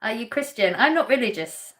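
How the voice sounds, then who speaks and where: A woman's voice: fairly high pitch, very animated, a little fast, a bit bright. An English woman hosting a casual live stream, chatting and laughing as she reads viewer comments aloud. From England. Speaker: livestream host.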